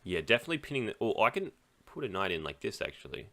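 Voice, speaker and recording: A man's voice: lowish voice, big pitch swings, fast, fairly bright tone. A man casually commentating his own chess game, thinking aloud through each move with chatty asides to viewers. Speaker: chess streamer.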